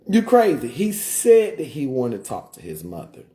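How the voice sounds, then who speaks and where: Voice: medium pitch, wildly swooping pitch, normal speed, dark tone. A live streamer ranting in heated commentary, repeating points, firing off rhetorical questions and breaking off to greet viewers. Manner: emphatic, repetitive, rhetorical questions; greets viewers mid-rant.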